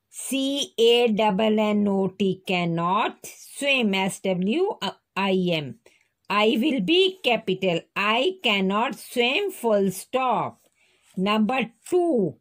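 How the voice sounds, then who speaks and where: Woman teacher, very slow and patient, spells each word out for young pupils. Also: mid-range voice, sing-song. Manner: slow, spells words letter by letter. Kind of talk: primary school lesson.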